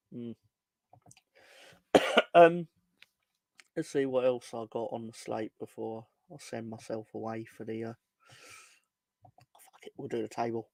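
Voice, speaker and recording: A man's voice: mid-range voice, darkish tone, dry recording. A man co-hosting a casual football fan show, rambling and sardonic, swearing freely. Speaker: football podcast co-host.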